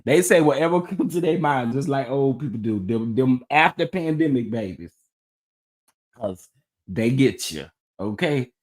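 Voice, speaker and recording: Animated man chatting gossip. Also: mid-range voice, a little slow. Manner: animated storytelling, laughing and exclaiming. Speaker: host of a gossip chat show. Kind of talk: casual gossip chat to viewers.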